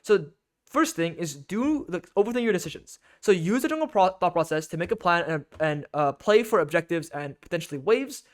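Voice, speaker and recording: A man's voice: sits high, lively intonation, brisk. A man giving an instructional game guide as a coach, emphatic and repetitive, often checking in with "okay?".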